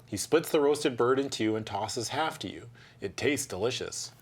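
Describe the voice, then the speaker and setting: A man reading a gamebook aloud in a tabletop stream, with a profane, joking, animated manner between passages. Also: mid-range voice, moderate pace, breathy edge.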